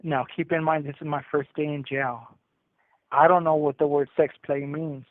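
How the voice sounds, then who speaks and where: Higher-voiced man spinning a jail story in street slang, over a dry, phone-thin line. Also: level tone, moderate pace, no room sound. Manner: streetwise slang, rambling with restarts. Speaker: incarcerated storyteller calling in. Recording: tinny prison phone line.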